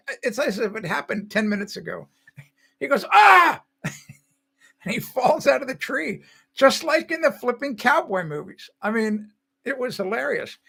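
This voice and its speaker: Gravelly laughing man, bright voice. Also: high voice. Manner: rambling storytelling with frequent laughs. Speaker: live stream host. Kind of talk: casual live stream chat.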